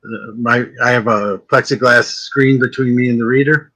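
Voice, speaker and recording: A man, a psychic medium guest, chatting casually and telling jokey stories with quick asides. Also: medium pitch, steady tone, sharp tone, low-quality recording. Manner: joking storyteller, quick asides. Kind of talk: casual chat.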